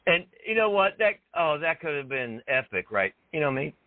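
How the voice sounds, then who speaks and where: A man hosting a casual chat, laughing often and reacting with excitement. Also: on the high side, a little fast, no echo. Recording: dry phone-like line.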